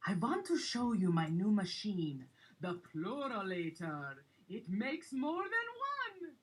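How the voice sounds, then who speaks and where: A woman voicing an excitable inventor who shows off a machine in an educational cartoon, speaking theatrically. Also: mid-range voice, slow, breathy edge, exaggerated voice. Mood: excited. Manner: theatrical, exclamatory. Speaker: scientist presenting an inventor's lab. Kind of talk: animated educational video narration.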